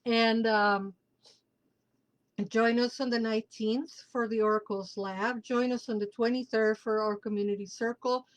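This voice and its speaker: A woman's voice: on the high side, steady tone, unhurried, rough recording. A woman hosting a casual live tarot reading, emphatic and emotional, repeating key words for stress and laughing between lines. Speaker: tarot reader and show host.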